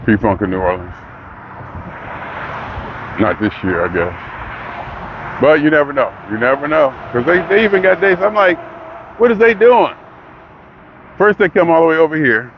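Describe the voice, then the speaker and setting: An older man, rambling in a casual monologue that builds into excitement. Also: fairly high pitch, moderate pace, pauses often, highs cut off, noisy background. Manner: rambling, talks himself into excitement. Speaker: vlogger.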